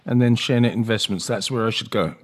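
A man's voice: mid-range voice, fast talker. A man hosting a radio business show, asking questions with a dry, joking manner. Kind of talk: casual radio business interview.

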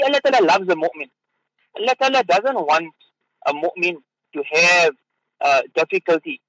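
Man, mufti, radio religious talk, halting and repetitive, dry close sound, slightly muffled broadcast. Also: sits high, pushed and bright, dry recording. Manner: halting, with fillers and repeated words.

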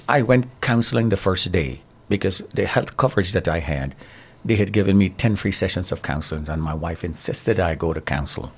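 A middle-aged man giving his testimony in an interview, telling it with animated storytelling and a preaching tone. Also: sits low, slightly rough. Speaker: interview guest, survivor.

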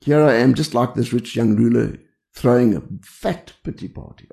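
Gravelly older man preaching with humor. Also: medium pitch, moderate pace, warm tone. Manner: humorous, anecdotal, conversational; frequent "you see" asides. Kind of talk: storytelling sermon.

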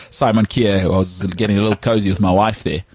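A man with a low, slightly husky voice chats about football as a podcast co-host. He is animated and quick to joke. The recording is dry and close-miked. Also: no echo. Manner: animated, jokey, does quick impressions of others. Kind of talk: casual sports chat.

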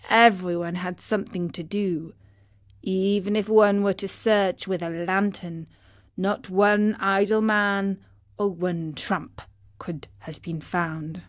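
A woman narrating a storybook for children with a clear, expressive reading. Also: medium pitch, no room sound, studio quality.

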